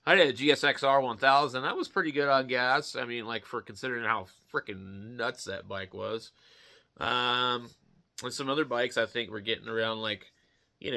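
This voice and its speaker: A man vlogging a casual rant, swearing constantly and mocking people in an animated, loose way. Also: lowish voice, creaky. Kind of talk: profane casual rant to camera.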